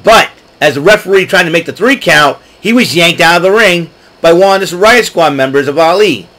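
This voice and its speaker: A man hosting his own show, recapping events in a chatty, excitable way and clearing his throat often. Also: fairly high pitch, brisk, rough recording. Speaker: podcast host. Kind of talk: casual solo recap.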